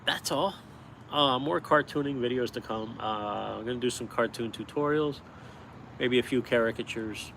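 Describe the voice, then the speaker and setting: A man's voice: medium pitch, moderate pace, vocal fry, slight background noise. Chatty upstate New York man, outdoors. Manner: animated storyteller, chuckles often. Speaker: cartoonist streaming live. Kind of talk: casual live-stream chat. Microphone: phone held vertically.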